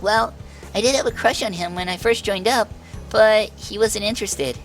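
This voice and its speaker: A man's voice: high voice, moderate pace, a bit bright, soft background music, voice pushed up. A man putting on a raised, girlish voice for a giggly, bold young woman athlete in a game. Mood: playful.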